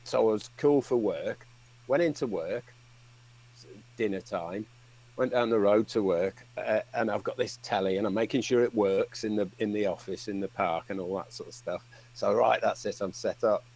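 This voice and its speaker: A man's voice: lowish voice, moderate pace, darkish tone, rough recording. Man, casual rambling storyteller, swears freely, laughs through his words.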